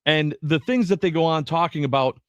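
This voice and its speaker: A man co-hosting a sports radio show in casual talk, animated and given to quick restarts as he reads quotes aloud. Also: on the high side, dry recording.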